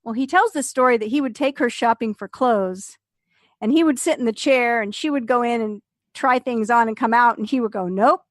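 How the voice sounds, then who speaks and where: A woman co-hosting a podcast, casually retelling a story in an animated way and acting out the quotes. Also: a little high, fairly quick, no room sound, studio quality. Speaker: podcast co-host.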